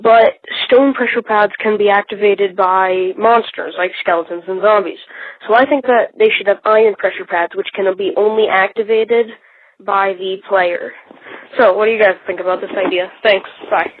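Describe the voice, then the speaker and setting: A woman's voice: mid-range voice, fairly even intonation, normal speed, no room sound. A woman calling into a podcast with a message, earnestly explaining an idea step by step over a tinny phone line. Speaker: caller leaving a message.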